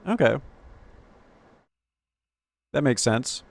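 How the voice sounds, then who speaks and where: A man streaming a game, reading its text aloud quickly and joking, swearing and laughing along. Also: mid-range voice, darkish tone. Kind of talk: casual gameplay commentary.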